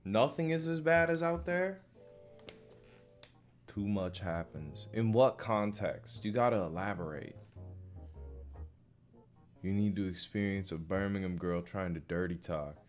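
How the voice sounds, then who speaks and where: A man's voice: lowish voice, unhurried, pauses often, soft background music. A man streaming live, reacting to videos in loose, profane, laughing chat.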